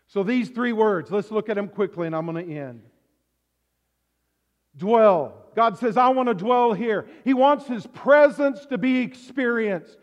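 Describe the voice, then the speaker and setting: Male pastor with a very high voice, swings from hushed to shouting, echoey church hall, muffled lo-fi recording. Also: unhurried. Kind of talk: sermon. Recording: echoey hall, dull lo-fi sound.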